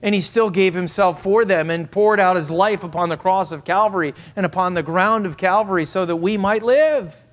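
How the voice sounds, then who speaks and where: A man preaching a sermon as pastor, emphatic and repetitive, sometimes dropping to soft asides. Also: high-pitched, normal speed.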